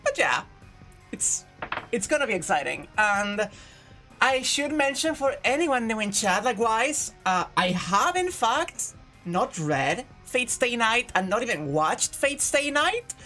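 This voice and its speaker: A woman's voice: a little high, very animated, a little slow, bright, forceful tone, faint music behind. A woman co-hosting a livestream in casual chat, giggling often and trailing off in self-deprecating asides. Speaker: streamer co-host.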